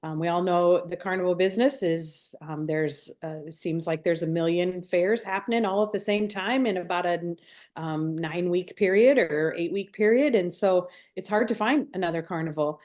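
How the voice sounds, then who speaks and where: Friendly woman, lower voice. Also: normal speed. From Iowa. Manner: friendly, relaxed, frequent fillers and laughs. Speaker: fair manager guest. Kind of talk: casual interview chat.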